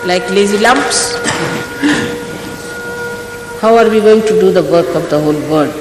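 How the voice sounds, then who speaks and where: A woman's voice: medium pitch, a little slow, noisy background. An older woman, a spiritual teacher, giving an emphatic, scolding talk to her followers, full of rhetorical questions. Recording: echoey hall, archival recording.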